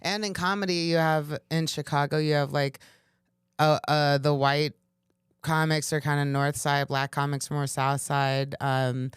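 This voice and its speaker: A woman's voice: low voice, fairly even intonation, measured pace, clean tone, dry recording, clean studio sound. A woman comedian, a guest in a casual interview, telling stories animatedly, laughing often and acting out dialogue.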